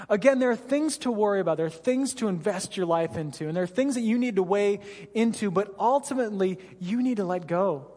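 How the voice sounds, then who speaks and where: A man's voice: high-pitched, fairly quick, darkish tone. A man preaching a sermon as pastor, telling a personal story in a conversational way and putting direct questions to his listeners. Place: church sanctuary. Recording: long hall reverb.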